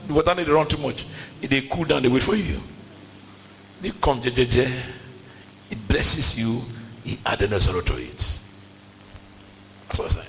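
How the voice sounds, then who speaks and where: Man, West African accent, preacher, lively swooping voice, fairly high, echoey church hall, faint hum. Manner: emphatic, repetitive preaching with congregation call-and-response. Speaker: pastor. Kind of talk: sermon.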